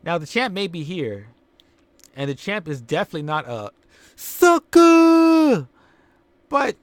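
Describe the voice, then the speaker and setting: A man's voice: on the high side, fairly bright tone, dry recording. A man casually recapping a wrestling simulation game, rambling with fillers and chuckles. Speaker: game commentator. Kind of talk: casual let's-play recap.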